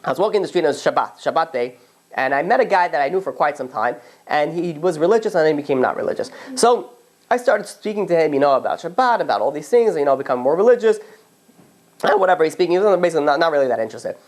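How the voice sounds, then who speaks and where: A man's voice: fairly high pitch, fast talker. A male rabbi teaching an informal class, telling stories with animation and acting out conversations as he goes. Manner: animated storyteller, acts out dialogue, frequent restarts. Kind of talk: informal Torah class with storytelling.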